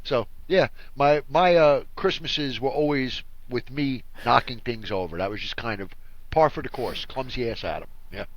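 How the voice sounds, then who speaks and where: A man's voice: medium pitch, normal speed, no room sound, highs cut off. A man co-hosting a podcast, chatting casually and acting out his family members as he tells stories. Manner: animated storyteller, acts out family members. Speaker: podcast co-host. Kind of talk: casual chat.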